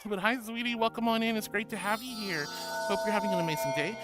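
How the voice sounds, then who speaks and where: A woman's voice: medium pitch, fast talker. A woman with an American accent streaming live, reading chat aloud in a sweet, doting, giggly way. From born in Australia, raised in the US. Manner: sweet, doting, calls viewers sweetie and honey; giggly and bubbly. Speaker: VTuber streamer. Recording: background music under the voice.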